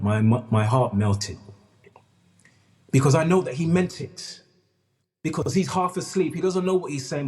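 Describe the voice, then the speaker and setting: A man's voice: fairly high pitch, a little mellow. A man telling a personal story earnestly as a podcast guest, often repeating phrases and addressing the host by name. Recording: long hall reverb.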